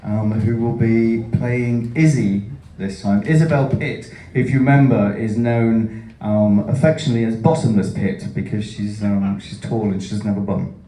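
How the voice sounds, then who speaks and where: A man's voice: fairly low pitch, steady tone, normal speed, warm tone. A man from Yorkshire, an author chatting at a book launch, telling rambling, self-mocking stories. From Yorkshire, England. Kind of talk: casual chat at a live book launch. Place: event room. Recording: roomy hall, mic far off.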